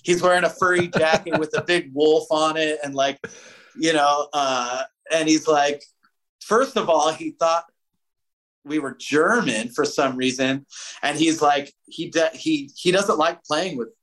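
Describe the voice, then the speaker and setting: A man's voice: a little high, unhurried, rough recording. Swearing man telling a story. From United States. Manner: animated, swears casually, lots of fillers. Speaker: guest musician. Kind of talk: casual storytelling interview.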